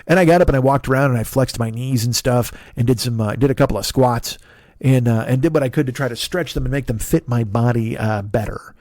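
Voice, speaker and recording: A man's voice: mid-range voice, brisk, a little mellow, no echo, clean studio sound. A man in his fifties giving a rambling, self-deprecating comic monologue, swearing often and restarting sentences. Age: 50s. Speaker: comedian and podcast host.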